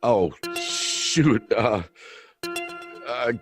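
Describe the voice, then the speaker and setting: A man hosting an improvised comedy interview, rambling and halting as he asks absurd questions in earnest. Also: medium pitch, lively intonation, over music. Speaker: streamer and mock interviewer.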